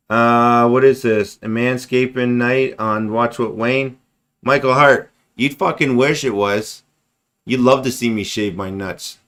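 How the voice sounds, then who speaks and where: Losing his voice, a livestream host in his forties delivers a casual, blunt and sarcastic rant packed with swearing, his voice audibly strained. He speaks unhurriedly at a medium pitch, with fairly even intonation and a bit of brightness.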